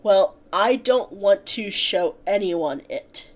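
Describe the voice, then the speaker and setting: A woman's voice: mid-range voice, big pitch swings, measured pace, slightly rough, exaggerated voice. A woman voicing a guarded young man who speaks in curt, defensive bursts.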